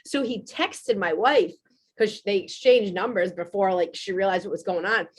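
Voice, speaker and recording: A woman, telling a story in casual podcast chat, animated and swearing freely. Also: mid-range voice, normal speed, husky. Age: 40s. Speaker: podcast host.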